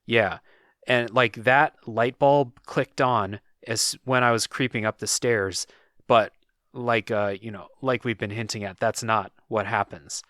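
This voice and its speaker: A man's voice: mid-range voice, measured pace, dry recording, clean studio sound. A man hosting a podcast, chatting casually and retelling a game's story with lots of filler words. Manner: relaxed storytelling, many "like"s. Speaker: podcast host. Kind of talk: casual chat.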